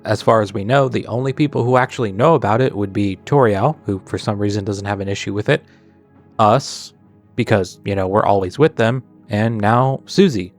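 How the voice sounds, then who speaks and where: A man's voice: lowish voice, normal speed, soft background music. A man narrating a character analysis of a video game in a chatty way, drifting into tangents and sarcastic asides. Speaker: video essayist.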